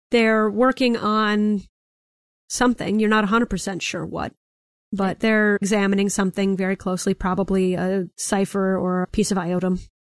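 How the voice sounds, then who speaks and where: A woman's voice: medium pitch, dry recording. A young woman narrating as game master, describing scenes in detail and filling with "like" and "kind of.".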